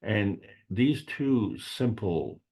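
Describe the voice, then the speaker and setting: Low, husky man giving a rambling talk. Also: animated, darkish tone. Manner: slow, rambling, with frequent fillers and restarts. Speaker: meeting presenter. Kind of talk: unscripted spiritual science talk.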